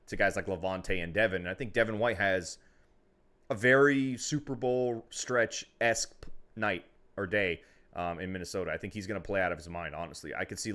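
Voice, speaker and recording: A man co-hosting a fan podcast, giving predictions in casual chat, excitable and profane, laughing often. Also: fairly low pitch. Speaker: podcast co-host.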